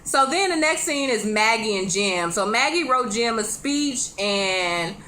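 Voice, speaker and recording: A woman recapping a TV episode in a casual, chatty way. She is animated, laughs often and speaks straight to her viewers with quick asides. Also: fairly high pitch, slight background noise. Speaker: TV show reviewer.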